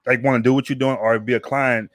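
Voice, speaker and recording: A man's voice: mid-range voice, steady tone, fast, a bit bright, no room sound, clean studio sound. A man hosting a podcast in casual chat, rambling and repeating words with plenty of slang. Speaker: podcast host.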